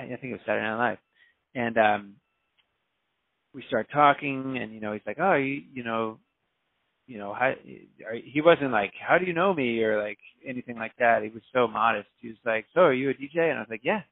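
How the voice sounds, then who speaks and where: Gravelly-voiced man telling a DJ story. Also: mid-range voice, no room sound. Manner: animated, acts out quoted voices. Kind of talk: casual storytelling. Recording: dry, phone-like narrow sound.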